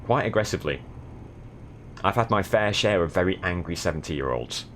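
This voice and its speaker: With a low, expressive, somewhat bright voice at normal speed, this young man from the south of England chats while streaming a driving game. His remarks come out dry and sardonic, over slight background noise.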